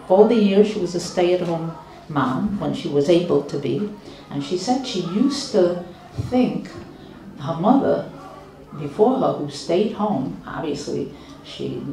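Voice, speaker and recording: A woman's voice: on the low side, mellow. Older woman telling a story, roomy distant sound. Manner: slow, measured, with frequent restarts. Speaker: rebbetzin giving a talk. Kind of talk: storytelling lecture.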